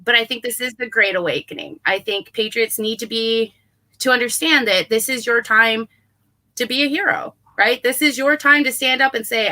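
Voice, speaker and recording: A woman's voice: on the high side, moderate pace, sharp tone. A woman co-hosting a casual political talk show, speaking earnestly and hopefully, often adding "right?". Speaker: co-host.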